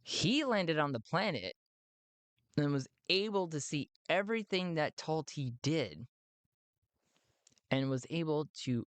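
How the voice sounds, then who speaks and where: A man's voice: on the high side, animated, measured pace, pauses often, smooth, no echo. A man narrating a solo tabletop game in a playful, rambling way, with many fillers.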